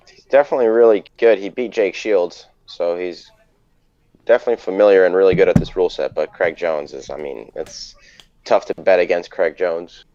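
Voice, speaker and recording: A man's voice: sits low, a little mellow, dry recording. A man co-commenting on a casual live stream, laid-back and hedging his opinions. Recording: dull dry lo-fi audio.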